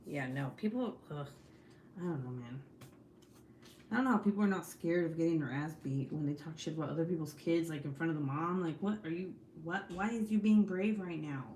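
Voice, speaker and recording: Speaking a little fast in a low, darkish voice, a woman livestreams at night from home, chatting with her viewers in a blunt, talkative and profane way. Her room echoes, and faint noise sits in the background.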